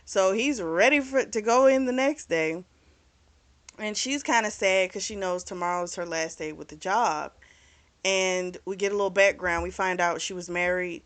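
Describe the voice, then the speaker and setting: A woman hosting a book club channel, casually retelling a novel's plot with fillers and quick little acted-out lines. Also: medium pitch, a bit bright. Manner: chatty and informal, retells scenes by briefly acting out the characters' lines; mild swearing, frequent fillers.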